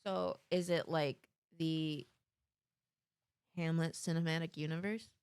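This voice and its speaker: A woman in her twenties streaming live, chatting casually to her audience in a rambling, giggly way with sudden excited outbursts. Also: low voice, slow pace, clear, resonant tone, dry recording.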